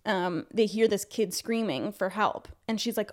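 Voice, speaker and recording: A woman's voice: mid-range voice, animated, normal speed. A young woman from Canada co-hosting a podcast, talking casually with lots of filler words and frequent swearing. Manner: chatty, swears freely, many filler likes. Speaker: podcast co-host. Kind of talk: casual chat.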